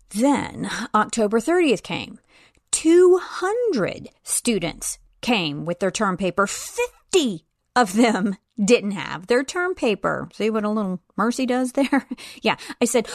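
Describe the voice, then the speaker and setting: A woman's voice: a little slow, no room sound, studio quality. A woman teaching parents about scripture. She retells a story and acts out the voices of the people in it. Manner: acts out the students and professor with lively shifts of pitch.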